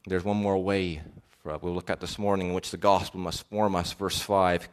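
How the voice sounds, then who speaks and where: A man delivers a sermon in a somewhat low voice. He speaks earnestly, pushing certain phrases with force and letting others fall quiet. Now and then he stumbles and restarts a word. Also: steady tone, moderate pace, hardly any pauses, clean tone. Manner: earnest, with swells of emphasis and soft drops. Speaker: preacher.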